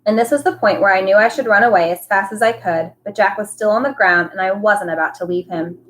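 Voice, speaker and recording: A woman who teaches, reading a novel aloud with expressive storytelling. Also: medium pitch, fast talker, slight background noise.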